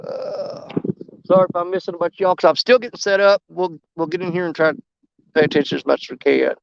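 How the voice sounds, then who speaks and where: A man's voice: high-pitched, fast talker, gravelly, clean tone, no echo, lo-fi sound. A man, hosting a fishing livestream from a riverbank and chatting easily with viewers. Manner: rambling, easygoing, greets viewers by name. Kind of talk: casual live-stream chat while fishing. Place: outdoors on a riverbank.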